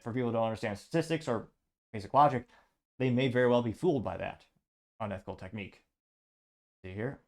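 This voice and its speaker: A man hosting a political commentary show, sarcastic and halting, stumbling over words and restarting. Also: mid-range voice. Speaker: host.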